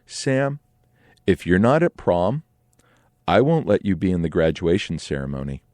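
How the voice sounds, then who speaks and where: Brief: man playing a stern school official, low and clipped, dry close sound. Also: moderate pace, dry recording. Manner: flat, clipped ultimatums. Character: stern, unbending male school administrator.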